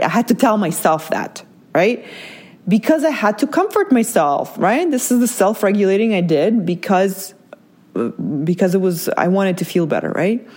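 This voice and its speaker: A woman's voice: medium pitch, a little mellow. A woman hosting a podcast, speaking candidly about her feelings, often checking in with "right?" and restarting her sentences. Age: adult parent. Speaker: podcast host. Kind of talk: personal reflective monologue.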